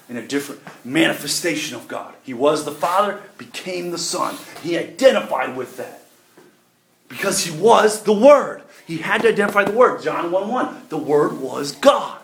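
Folksy preacher, echoey church. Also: male voice, a little high, a bit bright. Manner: folksy, emphatic preaching with shifting volume. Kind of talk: sermon. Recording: echoey room with faint noise.

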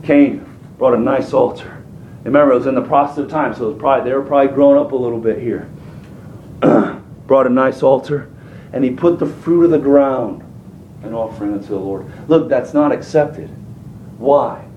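A man's voice: mid-range voice, moderate pace, echoey room, distant mic, lo-fi sound, slight background noise. A man preaching a sermon in a folksy, colloquial manner, throwing rhetorical questions at his congregation. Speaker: pastor.

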